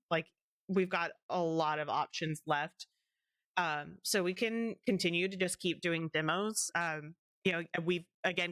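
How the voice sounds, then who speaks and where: A young woman wraps up her game stream, talking in loose, rambling chat full of ums and giggles. Her voice sits a little low. The sound is dry and close to the mic. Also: a bit bright, dry recording. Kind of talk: casual stream wrap-up chat.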